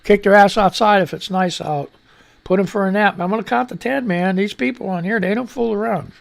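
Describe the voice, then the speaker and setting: A man's voice: high voice, a little fast, gravelly. A man hosting a lunchtime radio talk show, reading news items and posts aloud and riffing on them in a loose, rambling, joking way. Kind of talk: rambling comedic news commentary.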